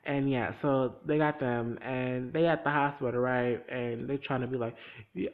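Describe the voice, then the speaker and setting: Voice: mid-range voice, normal speed, poor audio. A vlogger recapping a TV episode in casual chat, talking straight to the viewer with lots of energy. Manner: animated, talks straight to the viewer. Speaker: TV episode reviewer.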